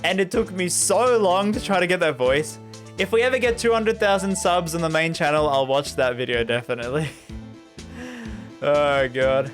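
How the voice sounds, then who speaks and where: A young man streaming a game, chatting casually and excitedly with many fillers and laughs as he reads the game text aloud. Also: fairly high pitch, normal speed. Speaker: gaming streamer. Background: game music.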